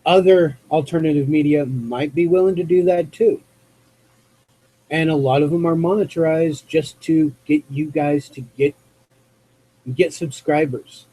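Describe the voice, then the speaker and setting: A man from the US West Coast hosting a live call-in show, talking off the cuff in a rambling, halting way as he searches for words. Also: fairly high pitch, fairly even intonation, dark tone, slightly rough, rough recording. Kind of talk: unscripted monologue to chat viewers.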